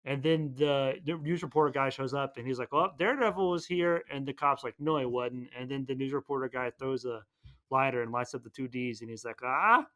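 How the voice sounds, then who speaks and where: A man casually retelling a movie plot as a podcast host, rambling and playful, tossing in quick voices for each character. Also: mid-range voice, little pitch movement.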